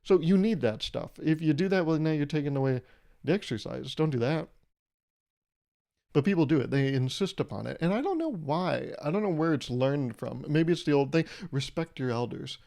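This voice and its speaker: A young man hosting a solo comedic podcast, rambling and irreverent, swearing freely and breaking into loud mock voices when he quotes people. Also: on the high side, lively intonation, moderate pace, vocal fry. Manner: profane. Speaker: podcast host.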